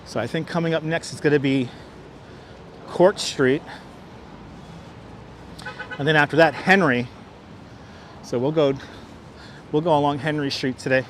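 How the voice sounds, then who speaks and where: A man's voice: a little high, steady tone, a little slow, pauses often, a bit bright, slight background noise. A man hosting a casual walking livestream outdoors on city streets, talking on a clip-on mic, restarting phrases and thanking viewers as he goes. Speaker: livestream host. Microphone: wireless clip-on mic.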